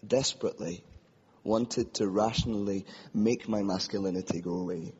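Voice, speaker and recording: A man's voice: on the low side, fairly even intonation, moderate pace, darkish tone, a little hiss or hum. A man preaching from a podium, giving an earnest and reflective personal testimony and acting out the inner voices in his story. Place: hall with podium. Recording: long hall reverb, dull lo-fi.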